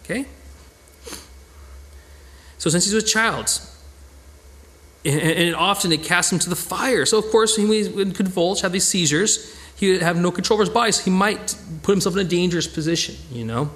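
A man teaches a Bible study in a loose, conversational way, with a voice pitched somewhat high for a man. He talks earnestly and with animated emphasis, often restarting his sentences as he works through a passage. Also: normal speed, pauses often.

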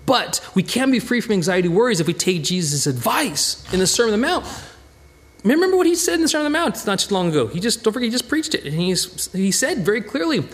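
A pastor preaches a chatty, conversational sermon, his voice sitting high as he moves at a quick pace. He's animated and often restarts and repeats words.

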